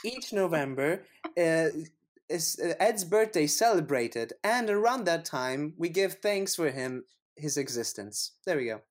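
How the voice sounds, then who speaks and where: A woman's voice: deep voice, expressive, a little slow. A woman co-hosting a podcast in casual chat, rambling through stories and giggling often. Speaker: podcast co-host.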